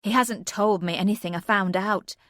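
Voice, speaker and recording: A woman's voice: mid-range voice, moderate pace, fairly bright tone, no echo, studio quality, lightly acted. Woman narrator as a bitter, defiant wife. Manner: cold, stony and challenging.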